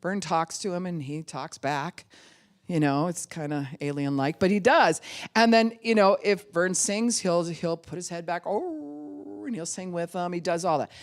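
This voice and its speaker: Middle-aged woman pastor, animated sermon storytelling. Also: lowish voice, moderate pace. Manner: animated storytelling, acts out voices of babies and dogs. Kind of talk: sermon teaching.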